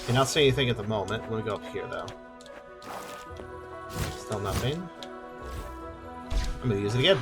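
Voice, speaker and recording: A man's voice: fairly low pitch, lively intonation, a little fast, long pauses, music in the background. A man streaming a game, chatting casually and thinking aloud while he plays. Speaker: let's play streamer. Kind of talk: casual gameplay chat.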